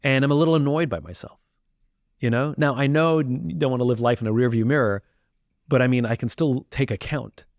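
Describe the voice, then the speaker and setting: A man's voice: medium pitch, fairly quick, dry recording. Candid reflective man, dry close mic. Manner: candid, self-reflective, acts out quoted voices. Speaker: podcast guest. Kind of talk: reflective conversational talk.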